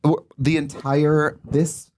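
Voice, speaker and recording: A man's voice: on the high side, level tone, slow pace, a little mellow, no room sound. A man co-hosting a podcast, telling rambling stories in casual chat. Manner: chatty, rambling storyteller. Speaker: podcast co-host.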